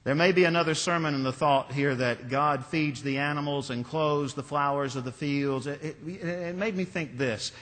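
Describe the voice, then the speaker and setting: A man preaching a sermon as pastor, telling stories in a measured, deliberate way. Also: fairly high pitch, fairly bright tone, big-room sound. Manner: measured, storytelling delivery.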